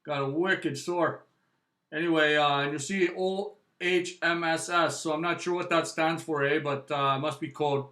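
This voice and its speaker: A man's voice: a little high, steady tone, a little slow, sharp tone, echoey room. A Canadian man hosting a casual record review, rambling and chatty, with frequent tag questions. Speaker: music vlog host.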